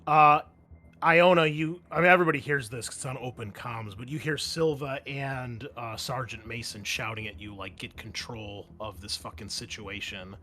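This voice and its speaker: A man running a tabletop game as game master, casual and loose, swearing freely and tossing quick asides to his players. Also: mid-range voice, sharp tone, a little hiss or hum.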